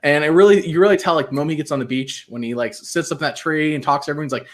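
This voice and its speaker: A man co-hosting a casual podcast, chatty and quick to laugh as he talks. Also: a little high. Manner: chatty, laughs often, lively rises and falls. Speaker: podcast co-host.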